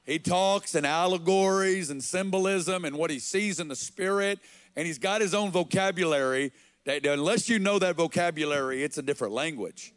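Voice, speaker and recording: A man from Arkansas, preaching and telling a personal story in an earnest, halting way. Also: on the high side, fairly bright tone, dry recording. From Arkansas, USA. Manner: earnest, slow and halting, with quoted dialogue. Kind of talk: sermon storytelling.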